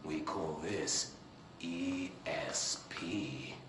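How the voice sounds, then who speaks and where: An actor playing a creepy, soothing uncle figure talking to a child in a video game cutscene. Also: male voice, deep voice, fairly even intonation, very slow, fairly bright tone, exaggerated voice. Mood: cooing. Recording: roomy echo, game noise behind.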